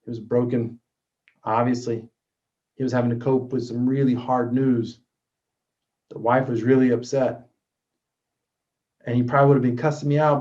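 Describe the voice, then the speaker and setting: A man telling a personal story as a motivational talk, earnest, swinging from loud bursts to hushed lines. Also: medium pitch. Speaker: motivational speaker. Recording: dull lo-fi recording.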